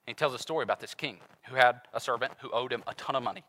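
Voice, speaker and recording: Male preacher, bright and forceful tone, animated and conversational, acts out story voices. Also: medium pitch, very fast, rough recording. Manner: casual, conversational preaching with fillers. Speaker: pastor. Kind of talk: sermon.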